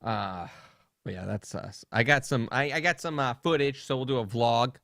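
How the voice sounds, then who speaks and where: A man's voice: mid-range voice, moderate pace, creaky, a bit bright, no echo, studio quality. A young man co-hosting a podcast, rambling through funny stories in casual chat and laughing often. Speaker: podcast co-host.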